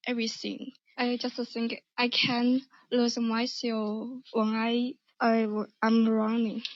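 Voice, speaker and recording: A woman's voice: on the high side, monotone, takes it slowly, no echo, dull audio. A woman from China calling in, speaking hesitantly as she searches for words. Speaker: caller. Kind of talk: casual chat as a caller.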